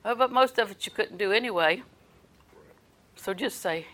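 An older woman preaching a sermon, folksy and storytelling, often dropping her voice soft. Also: mid-range voice, normal speed, long pauses, low-quality recording.

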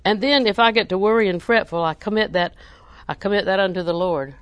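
A woman preacher, delivering a sermon with animated emphasis that rises to near-shouting. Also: medium pitch, fairly quick, dry recording, dull audio.

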